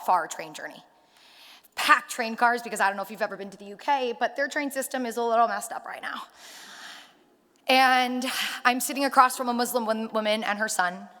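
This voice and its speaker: A woman addresses a rally in a large hall, her voice bright and forceful with a fairly high pitch. She tells personal stories and acts out the dialogue with lively energy, and long reverb trails behind each phrase. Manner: animated storyteller acting out dialogue. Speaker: rally speaker. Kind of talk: public speech with storytelling.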